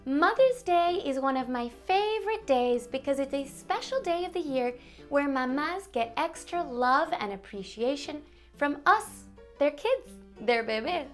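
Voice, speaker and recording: A woman's voice: sits high, animated, a little slow, soft background music. A woman teaching toddlers Spanish words in a bilingual lesson, sounding out each syllable with exaggerated care. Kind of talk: bilingual toddler lesson, slow and sing-song.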